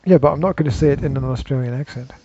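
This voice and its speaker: A man's voice: mid-range voice, very fast, dark tone, lo-fi sound, a little hiss or hum. A man hosting a casual podcast chat, teasing his co-host and laughing often.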